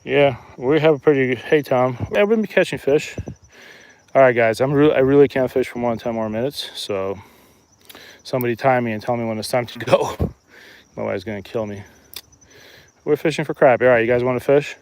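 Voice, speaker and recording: Upbeat guy in his 30s, fishing live stream outside by a lake, chatty and jokey, average pitch. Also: fairly quick, darkish tone, no echo. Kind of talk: casual live-stream chat. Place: outdoors by a lake.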